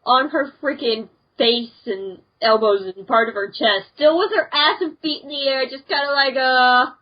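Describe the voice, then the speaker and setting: A woman's voice: high-pitched, normal speed, lo-fi sound. A woman co-hosting a podcast in casual chat who exclaims and joins in with short quips. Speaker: podcast co-host.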